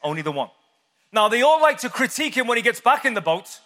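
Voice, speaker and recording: A male preacher delivers a sermon, retelling a story with animation and tossing questions to the crowd. His voice sits high and bright, and a long hall reverb follows each phrase. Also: sing-song, fast.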